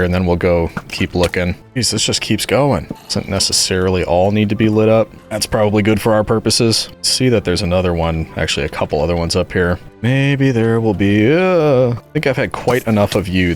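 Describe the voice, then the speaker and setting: Lively low-voiced man narrating his gameplay. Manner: chatty, talks back to the monsters, swings between calm and exasperated. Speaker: gaming video host. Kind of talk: casual gameplay commentary.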